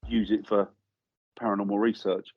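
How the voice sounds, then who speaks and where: A man, a guest paranormal investigator, telling a lively story in casual chat and acting out the voices he quotes. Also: on the low side, normal speed, slightly rough, no echo, muffled recording. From England. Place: studio.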